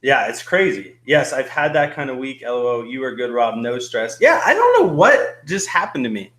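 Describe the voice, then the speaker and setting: A man's voice: mid-range voice, sing-song, moderate pace, a bit bright. A young man hosting a casual live-stream chat, rambling and laughing nervously, a little out of breath. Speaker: host.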